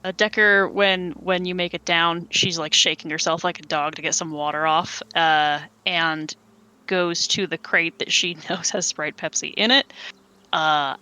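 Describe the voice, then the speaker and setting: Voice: mid-range voice, pushed and bright, clear, resonant tone. A game master narrating a tabletop game, rambling with many fillers and restarts.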